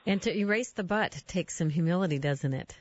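Low-voiced woman host asking follow-ups. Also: a little fast, darkish tone, lo-fi sound. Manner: engaged, laughs readily, asks follow-up questions. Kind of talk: interview conversation.

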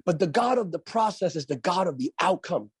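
A man's voice: high-pitched, lively intonation, brisk, husky, no echo. A man who is a pastor and author, speaking as a radio interview guest in an emphatic preaching cadence and repeating phrases for effect.

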